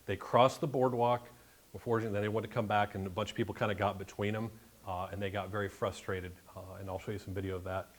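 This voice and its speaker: A man's voice: on the low side, little pitch movement, fast talker. A man giving a chatty, joking slide-show talk about a birding trip to a live club audience. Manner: jokey, chatty asides. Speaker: guest presenter at a bird club meeting. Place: meeting room with an audience.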